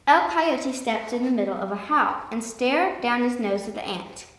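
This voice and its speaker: Woman, children's story read-aloud, lively delivery, fairly high voice, reverberant room. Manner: lively, with slowed emphatic passages. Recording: echoey room with long reverb.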